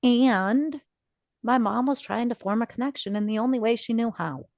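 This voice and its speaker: A woman's voice: on the high side, normal speed, darkish tone, dry recording, studio quality. A woman in her forties co-hosting a podcast, telling a personal story with feeling and acting out quoted dialogue. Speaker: podcast co-host. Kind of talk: casual podcast conversation.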